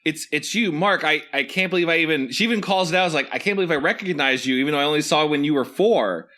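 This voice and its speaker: A man co-hosting a podcast, chatting casually with quick asides. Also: a little high, sharp tone. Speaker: podcast co-host. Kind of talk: casual chat.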